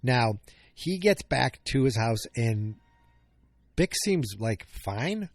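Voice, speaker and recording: A man hosts a casual solo podcast recap, rambling and correcting himself as he thinks aloud. He sounds a little tired, and his voice sits at a middle pitch. The recording is close and dry, with no room sound. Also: sing-song, slow pace, no echo, faint music behind. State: yawning, tired. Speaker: podcast host.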